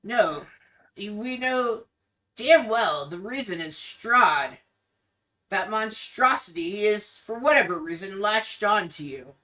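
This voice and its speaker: A woman voicing a grieving, protective young man who speaks in a somber, measured, apologetic way. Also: mid-range voice, expressive, pushed and bright, pitched above the performer's own voice. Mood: firm.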